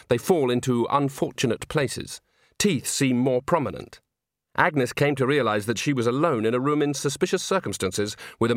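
A man narrating a storybook in a wry, expressive reading voice. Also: mid-range voice, no room sound, studio quality. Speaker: audiobook narrator.

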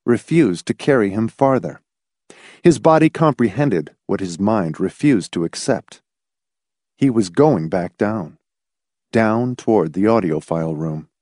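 Male narrator, suspenseful audiobook read, very lively pitch, dry close sound. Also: no echo. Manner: dramatic, suspenseful storytelling.

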